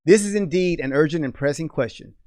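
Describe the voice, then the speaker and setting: A man's voice: a little high, fairly quick, a little mellow, dry recording, clean studio sound. A man hosting a talk show about race relations, encouraging and affirming his guest. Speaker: host.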